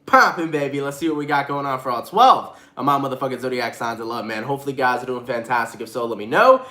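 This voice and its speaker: A man's voice: medium pitch, quick pace, fairly bright tone, roomy sound. A man with a stuffy, congested nasal voice, giving a casual, slangy tarot reading straight to his viewers. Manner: hyped, slangy, addresses viewers directly. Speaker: tarot reader.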